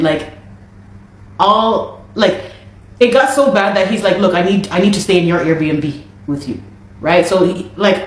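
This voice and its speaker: A Canadian woman with a slightly low voice tells her own story in a casual, animated way. She is exasperated and keeps repeating phrases as she goes. The sound carries a roomy echo with a faint hum behind it. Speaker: interviewee. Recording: echoey room.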